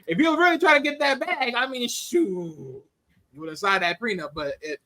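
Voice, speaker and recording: A man with a high, bright voice talks through a film in loose, casual chat. He is animated, laughs easily and breaks into quick voices to act out the scenes. His delivery is lively and unpolished. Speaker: movie reviewer. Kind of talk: casual spoken movie review.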